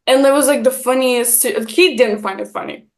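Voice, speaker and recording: Young Estonian woman, non-native speaker, bright storyteller with a slightly high voice, lots of "like". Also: normal speed. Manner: animated, acts out quotes, many fillers. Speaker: guest content creator. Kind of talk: casual storytelling chat.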